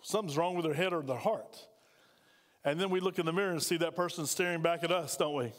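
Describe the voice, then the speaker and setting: High-voiced pastor preaching in a reverberant hall. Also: male voice, fast. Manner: conversational preaching, asks the congregation questions. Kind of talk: sermon. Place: church sanctuary.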